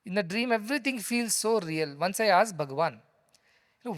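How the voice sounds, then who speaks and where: A man's voice: high-pitched, animated, normal speed, a bit bright. A man with an Indian English accent giving a conversational spiritual discourse, explaining with stories and emphasis. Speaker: spiritual teacher. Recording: long hall reverb.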